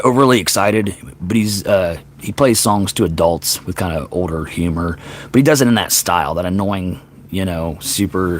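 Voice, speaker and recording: A man in his fifties, a singer-songwriter hosting a livestream, chatting casually and rambling, often correcting himself mid-sentence. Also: lowish voice. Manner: rambling, self-correcting storyteller.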